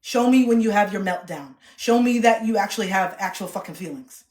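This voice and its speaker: A woman's voice: medium pitch, expressive, a little fast, darkish tone. A woman livestreamer ranting in a blunt, profane, confrontational way. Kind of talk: livestream rant. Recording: roomy echo.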